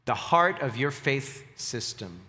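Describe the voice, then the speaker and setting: Man, pastor, sermon, emphatic, bright voice, reverberant church hall. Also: medium pitch, big pitch swings, slow. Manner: earnest, emphatic preaching with repeated words.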